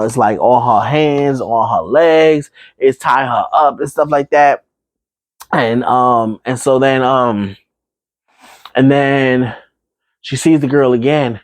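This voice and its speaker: At medium pitch, with no echo on the recording, a man gives a loose, rambling horror movie recap full of fillers and asides. Every so often he acts out characters in quick put-on voices.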